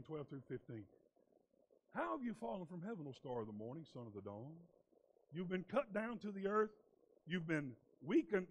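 A man preaching a sermon in a high, lifted voice, dropping to a hushed read before surging into loud, emphatic lines. He hammers his points by repeating words. A faint hiss runs under the recording. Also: dull audio. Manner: swings from low, quiet reading to loud, emphatic preaching. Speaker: pastor. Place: church sanctuary.

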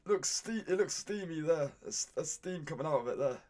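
A British man streaming live, reacting to viewers' meals with excited outbursts and constant "mate". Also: a little high, brisk.

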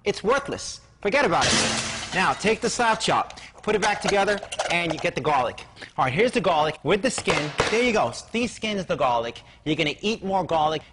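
A man pitching a kitchen gadget in a pushy, jokey infomercial patter at a kitchen demo table. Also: very animated, fairly quick, noisy background.

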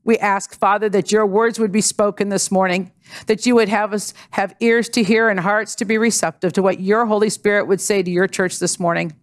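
A woman associate pastor preaching a sermon, praying, reading scripture and telling a personal story with lively acted-out dialogue. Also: mid-range voice, fairly quick. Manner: animated storytelling, acting out dialogue. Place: church sanctuary.

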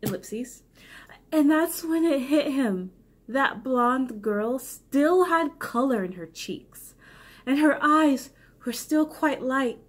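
A woman's voice: high voice, expressive, slow pace. A tipsy woman reading her own old story aloud, breaking off for rambling, self-mocking commentary. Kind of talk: casual comic read-aloud with asides.

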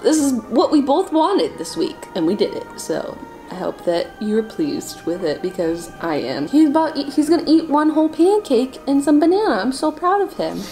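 A woman's voice: on the high side, mellow. A woman vlogging at home, gushing in baby talk to her pet and laughing often. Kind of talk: casual home vlog.

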